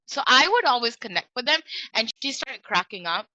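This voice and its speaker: A woman sharing sales tips as a trainer, telling stories in a lively way and acting out the dialogue. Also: a little high, brisk, dry recording, highs cut off.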